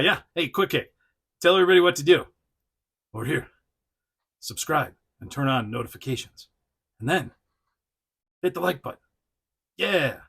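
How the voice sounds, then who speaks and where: A man with a bright, forceful voice hosts a loose, unscripted toy review vlog. He rambles, laughs often and breaks off mid-thought with fillers, and he chats directly to the action figure as he talks. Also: medium pitch, creaky, slightly rough. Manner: frequent fillers and self-restarts. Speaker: toy reviewer, channel host. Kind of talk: casual unscripted vlog chat.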